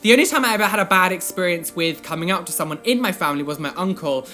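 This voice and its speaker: A young man in his twenties, a vlogger telling a personal story in an animated, rambling way full of fillers. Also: high voice, fast, faint music behind.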